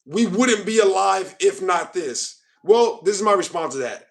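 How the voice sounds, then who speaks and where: A man's voice: high voice, lively intonation, moderate pace, vocal fry. An American man hosting a casual stream, reading viewer comments aloud with mock outrage and calling people bro. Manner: joking, mock-offended, calls viewers bro. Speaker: host.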